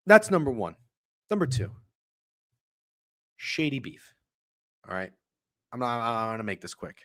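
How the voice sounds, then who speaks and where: A man hosting a live sports betting stream, ranting with heavy swearing and swinging from muttered asides to loud outbursts. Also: fairly low pitch, no room sound. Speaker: sports betting show host.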